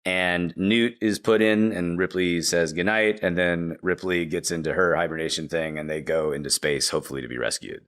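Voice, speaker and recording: A man's voice: deep voice, moderate pace, hardly any pauses. A man on a podcast, eagerly retelling a movie plot in a casual way, full of "like" and "you know.". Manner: animated storytelling with many "like" and "you know" fillers. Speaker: podcast guest.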